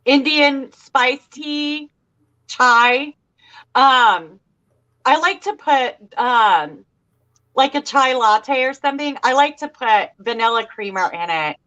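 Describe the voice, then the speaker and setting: A woman's voice: high-pitched, lively intonation, slow pace, bright, forceful tone, lo-fi sound. A woman co-hosting a crafting livestream in casual chat, laughing often and talking with plenty of fillers.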